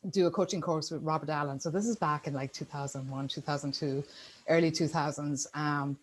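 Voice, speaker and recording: A middle-aged woman with an Irish accent speaks on a video call, her pitch a little low. Her talk is chatty and upbeat, and she often fills pauses with "um". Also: fairly even intonation, a little hiss or hum, low-quality recording. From Ireland. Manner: chatty, upbeat, many fillers. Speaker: guest speaker. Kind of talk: casual presentation on a video call.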